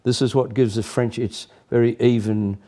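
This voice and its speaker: A man's voice: mid-range voice, fairly even intonation, normal speed, mellow. A man from Australia, a guest in a casual studio interview, who hesitates and repeats his words.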